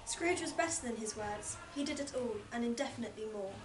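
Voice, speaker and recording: A young woman in her late teens reading a classic story aloud with lively expression, from a distance in an echoey room. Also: fairly high pitch, fairly quick, noisy background. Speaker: student reader. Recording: echoey room, distant mic, noticeable ambience.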